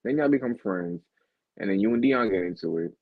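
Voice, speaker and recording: A man's voice: lowish voice, animated, brisk, no echo. A man hosting a casual interview, teasing and playful, acting out quotes as he asks questions. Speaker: interviewer, host. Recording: dull, dry lo-fi recording.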